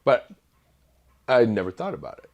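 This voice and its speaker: A middle-aged man speaking as an interview guest, thoughtful and halting, with many fillers and restarts. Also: medium pitch, wildly swooping pitch, vocal fry, darkish tone, dull audio. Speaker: author guest. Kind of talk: reflective interview conversation.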